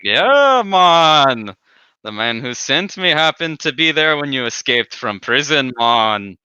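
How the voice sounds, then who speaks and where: A man voicing a mellow, ominous skeleton man with a put-on mixed Jamaican and Brazilian accent, drawling and ending lines with "man". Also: fairly high pitch, sing-song, takes it slowly, clear, resonant tone, dry recording, lo-fi sound, heavily acted. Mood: laid-back.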